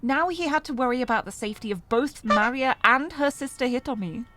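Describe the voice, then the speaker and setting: A woman's voice: high-pitched, a little fast, fairly bright tone. A woman streamer reading a story game aloud, narrating expressively and breaking off to laugh and comment.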